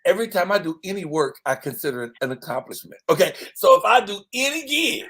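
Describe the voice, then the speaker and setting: A man's voice: high voice, sing-song, fast, bright, forceful tone, slightly rough. A man hosting a morning talk show, bantering playfully with his guests in casual chat. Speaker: host.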